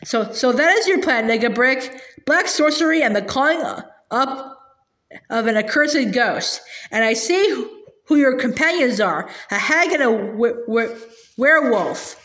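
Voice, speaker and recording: A commanding young king who speaks in stern, indignant challenges, voiced by a woman reading aloud. The voice is high, and the space around it is roomy. It is a storybook reading. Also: expressive, unhurried, a bit bright. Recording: roomy echo.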